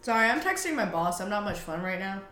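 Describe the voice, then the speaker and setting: A woman co-hosting a comedy podcast, tossing in quick sarcastic interjections. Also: mid-range voice, big pitch swings, a bit bright. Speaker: podcast co-host. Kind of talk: comedy banter.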